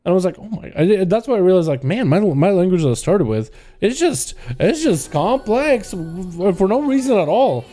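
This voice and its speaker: A young Russian-native gaming streamer with a slight accent chats casually over soft background music. His high voice has a sing-song lilt and dark tone at moderate pace, and he's laid-back, filling gaps with "yo," "dude," and "boys."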